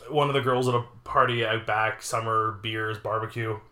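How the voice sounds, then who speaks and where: A man's voice: on the low side, fairly even intonation, moderate pace, bright, forceful tone, roomy sound. A man co-hosting a casual podcast, playful and jokey, trailing off with fillers as he talks. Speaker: podcast co-host. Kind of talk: casual chat.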